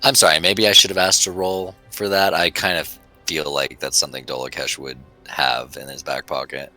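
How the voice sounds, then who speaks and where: A man playing in a casual online tabletop game, talking in a relaxed, musing way. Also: a bass voice, normal speed, faint music behind. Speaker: player.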